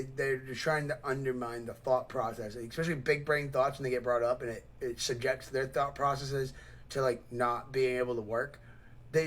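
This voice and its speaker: A man hosting a reaction video, talking in a rambling, excitable way full of swearing and mocking asides. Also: mid-range voice. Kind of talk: casual profane reaction commentary.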